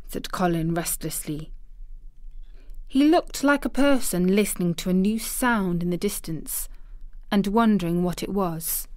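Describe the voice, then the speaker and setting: A woman narrating a classic children's novel in calm, measured storytelling. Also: fairly low pitch, dry recording, clean studio sound. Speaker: audiobook narrator. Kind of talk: scripted narration.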